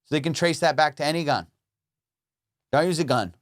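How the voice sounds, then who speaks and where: A man's voice: fairly high pitch, fairly quick. A man hosting a comedy podcast, riffing in a rambling, profane monologue from his studio. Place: home studio.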